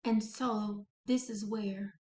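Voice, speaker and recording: A woman hosting an inspirational channel, narrating a guided visualization slowly and dramatically, speaking to the listener as "you". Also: mid-range voice, steady tone, a little mellow. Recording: echoey room.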